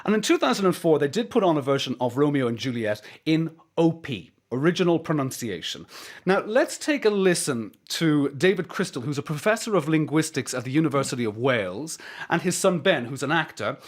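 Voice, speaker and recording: A man's voice: fairly high pitch, sing-song, fairly quick. A man hosting a radio interview, asking long, chatty questions with frequent restarts. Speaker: radio host.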